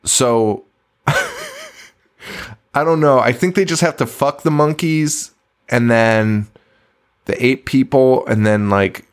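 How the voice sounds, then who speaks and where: A man's voice: medium pitch, takes it slowly, pauses often, clear, resonant tone. Rambling, profane man recapping a film. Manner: rambling, profane, laughs often, stumbles over words. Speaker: podcast co-host. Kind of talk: casual movie recap chat.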